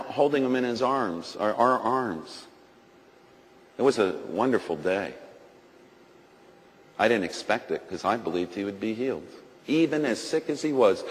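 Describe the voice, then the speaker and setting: A man giving an impassioned sermon testimony, swinging between loud proclaiming and hushed grief. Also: mid-range voice. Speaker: guest speaker giving testimony. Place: large gathering hall. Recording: long hall reverb.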